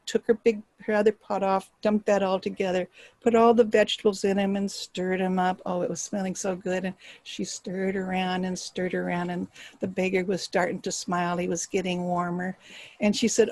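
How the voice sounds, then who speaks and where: A woman storyteller telling a folktale aloud, expressive and dropping to hushed tones for suspense. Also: mid-range voice, normal speed, no echo, poor audio. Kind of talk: live oral storytelling.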